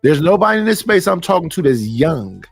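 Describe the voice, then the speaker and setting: A man's voice: fairly high pitch, sing-song, a little fast, creaky, husky, no echo, soft background music. A middle-aged man, hosting a live stream and ranting bluntly and profanely, preaching at his listeners. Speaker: stream host. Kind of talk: casual live-stream rant.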